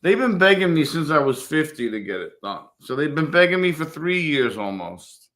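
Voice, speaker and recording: A man's voice: fairly high pitch, sing-song, moderate pace, fairly bright tone. A man in his fifties chatting casually on a livestream, rambling and swearing, mimicking other people in a raised voice. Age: 50s. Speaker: motovlogger livestreaming to viewers.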